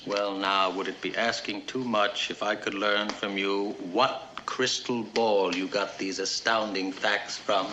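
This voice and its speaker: An actor playing a mocking military prosecutor in a 1950s courtroom film, grilling a witness with sarcasm. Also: male voice, on the low side, steady tone, measured pace, hardly any pauses, lightly acted. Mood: sarcastic. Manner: sarcastic, cross-examining, reading documents aloud. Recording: old film soundtrack with faint hiss.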